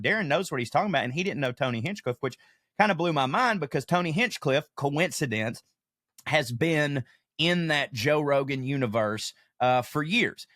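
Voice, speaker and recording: A male comedian hosting a podcast, ranting in an animated, profane way with comic asides. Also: mid-range voice, no room sound, studio quality. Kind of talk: casual podcast monologue.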